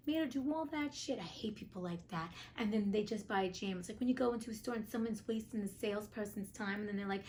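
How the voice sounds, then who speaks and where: A woman's voice: mid-range voice, animated, brisk, few pauses, darkish tone, slight background noise. Chatty woman reading fairy tales aloud. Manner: cheeky, profane side comments. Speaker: podcast host and audiobook reader. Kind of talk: casual storybook reading with asides.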